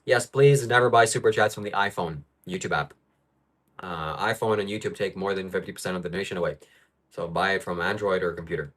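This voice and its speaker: This livestream host, a man at home, reads out comments from viewers and vents his frustration over them. He speaks at a medium pitch with a slightly bright quality.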